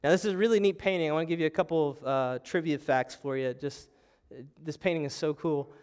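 A man's voice: fairly high pitch, fast talker, a little mellow, clear, resonant tone. A young adult man preaching a sermon as pastor, telling the story with animation and acting out panicked voices. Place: church sanctuary.

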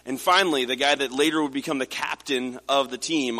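A man's voice: medium pitch, a little fast, hardly any pauses, bright, forceful tone. A man in his forties from the United States, a pastor preaching a sermon in a conversational storytelling way with frequent restarts. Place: church sanctuary. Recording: reverberant hall.

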